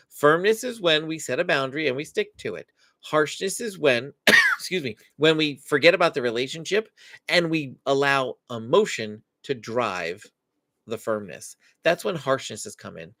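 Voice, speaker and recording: A man hosting a live parenting Q&A stream, explaining in an animated way and acting out what parents and kids say. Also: fairly high pitch, no room sound. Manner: animated, acts out parent and child quotes. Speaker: parenting show host.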